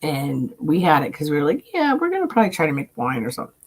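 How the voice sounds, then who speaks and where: A woman hosting a casual livestream chat, laughing often and acting out friends' lines in high squeaky voices. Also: huge pitch swings, fast, slightly rough, poor audio. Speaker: livestream host.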